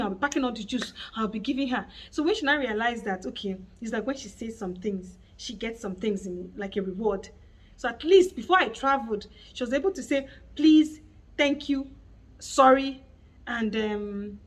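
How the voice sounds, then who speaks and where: A Nigerian woman telling a casual, animated story to her vlog audience and acting out her child's cries. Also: a little high, distant mic, rough recording. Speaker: mother and vlogger.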